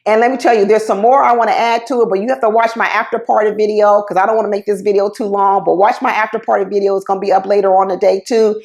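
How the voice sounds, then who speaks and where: A woman's voice: mid-range voice, level tone, quick pace, hardly any pauses, darkish tone. A woman chattily recapping a reality TV episode, gushing, with lots of fillers.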